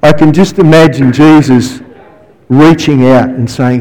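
A man's voice: a little high, fairly even intonation, measured pace, a little mellow, rough recording. A man preaching as a guest speaker and counsellor, telling stories with asides and rhetorical questions. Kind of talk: sermon.

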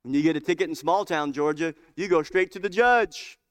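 A man's voice: on the high side, a little fast. A man preaching a sermon, telling a story and rising into fervent, emphatic preaching.

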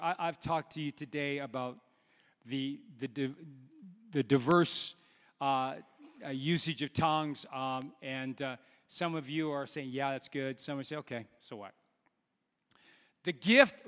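High-voiced preacher man in an echoey hall. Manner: halting, many fillers and restarts, rising to loud emphatic preaching. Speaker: pastor. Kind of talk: sermon. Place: church sanctuary. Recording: long hall reverb.

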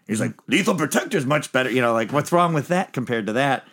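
A man's voice: mid-range voice, expressive, fast talker, a bit bright. Chill guy on a movie podcast, keeps saying mm-hmm, recaps the plot. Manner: agreeable, frequent affirming backchannels. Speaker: podcast co-host. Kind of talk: casual movie discussion.

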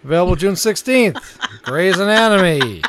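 A male co-host with a lively, up-and-down voice that sits a little high. He works through a list in a relaxed, casual way and chuckles often. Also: normal speed, background noise. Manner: laid-back, chuckles often. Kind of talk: casual chat, reading a release list.

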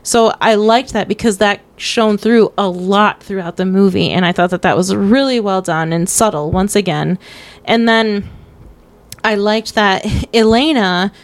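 A woman's voice: medium pitch, measured pace, no room sound. A woman co-hosting a casual podcast, talking through a film with plenty of fillers and restarts. Her voice sits in a mid range and is recorded dry and close, with little room sound. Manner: chatty, many fillers and restarts. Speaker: podcast co-host. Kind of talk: casual movie discussion.

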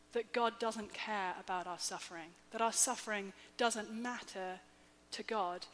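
A woman in her thirties preaching a sermon, slow, measured and emphatic, with soft quiet dips. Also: fairly high pitch. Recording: long hall reverb, faint hum.

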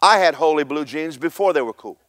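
A man preaching a fiery Pentecostal sermon in church, telling stories and building to emphatic, shouted points. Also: fairly high pitch, animated, a little fast, no room sound.

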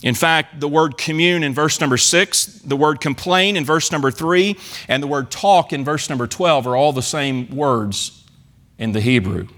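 A man's voice: on the high side, normal speed, a bit bright. A man preaching a sermon in church, earnestly acting out the psalmist's pleas. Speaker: pastor.

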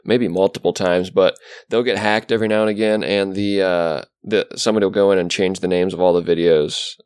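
A man with a low voice hosts a casual podcast conversation. He rambles, restarting his sentences and filling gaps with "uh" and "you know". The sound is dry and close. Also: fairly even intonation, brisk, a little mellow, clear, resonant tone, no room sound. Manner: rambling, lots of fillers and restarts. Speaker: podcast host. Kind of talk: casual chat.

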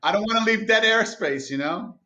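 A man's voice: sits high, expressive, a little fast, sharp tone. A man co-hosting a casual group chat, teasing and joking with his friends.

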